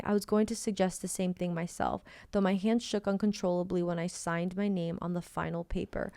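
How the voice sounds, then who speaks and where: Smooth-voiced woman reading a novel aloud. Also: fairly low pitch, fairly quick, few pauses, dry recording. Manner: steady first-person reading, then excitable chat. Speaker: podcast co-host reading aloud. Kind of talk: reading a novel aloud, then casual chat.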